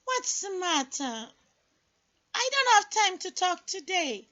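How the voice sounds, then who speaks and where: A woman's voice: very high voice, big pitch swings, slow pace, voice pushed up, exaggerated voice. A woman voicing a grumpy, dismissive sister who doesn't want to be bothered, in a one-woman comedy skit. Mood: irritated. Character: irritable dismissive younger sister. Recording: dull lo-fi webcam recording with loud noise.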